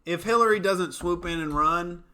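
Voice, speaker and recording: A man's voice: high voice, normal speed, sharp tone. A man hosting a comedy commentary show, talking in a brash, profane, joking way. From United States. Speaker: comedian host. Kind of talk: casual commentary show chat.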